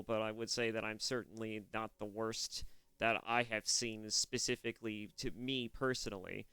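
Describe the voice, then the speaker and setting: A man's voice: on the low side, bright, forceful tone, clear, resonant tone, dry recording. A young man from California giving casual, profane reaction commentary, rambling with restarts. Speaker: reaction streamer.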